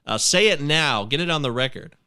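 A man's voice: on the high side, animated, brisk, bright, forceful tone, clean tone. A man from Michigan hosting a casual film discussion podcast, blunt and profane. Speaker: podcast host.

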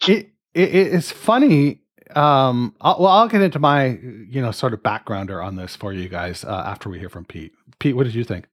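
A man's voice: medium pitch, lively intonation, normal speed. A man from Canada hosting a casual podcast, chatting in a jokey, playfully wordy way. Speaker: podcast host.

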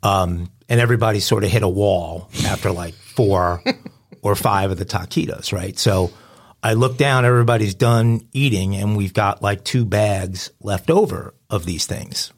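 A man's voice: on the low side, normal speed. A man, co-hosting a podcast and telling a rambling, self-amused story in casual chat. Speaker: podcast co-host.

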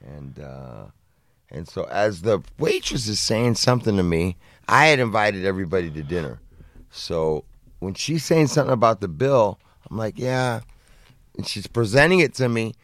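Gravelly low-voiced man telling a story. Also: moderate pace, no echo, clean studio sound. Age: middle-aged. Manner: profane, animated anecdote with acted-out quotes. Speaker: podcast co-host. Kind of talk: casual storytelling.

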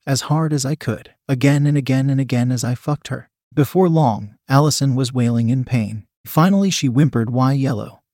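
A man narrating a first-person adult story in a steady, measured storytelling voice. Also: mid-range voice, dry recording, clean studio sound.

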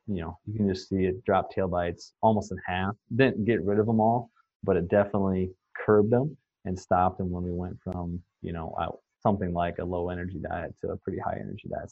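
A guest on a podcast who works in swine nutrition tells long anecdotes in a rambling, casual way, with plenty of fillers and restarts. His voice is low, gravelly and steady at a normal speed, recorded with no room sound in narrow, tinny audio.

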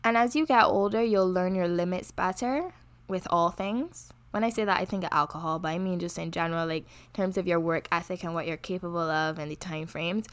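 A young woman from Barbados with a Barbadian accent, co-hosting a podcast in casual, animated chat. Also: on the low side, smooth. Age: young adult. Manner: animated, chatty, quick to laugh. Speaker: podcast co-host.

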